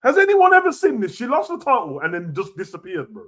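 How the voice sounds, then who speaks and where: Excitable young man ranting. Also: very high-pitched, quick pace. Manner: animated, slangy, swearing, jumps between mutters and loud outbursts. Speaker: wrestling reaction host. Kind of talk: casual rant.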